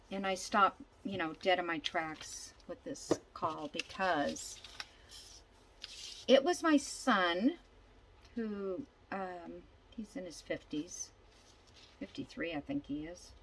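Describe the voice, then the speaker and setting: A woman's voice: fairly low pitch, animated, slow, pauses often, a little hiss or hum, rough recording. An older woman chatting casually as she works on a craft project, thinking aloud and telling a long, rambling story. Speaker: junk journal crafter.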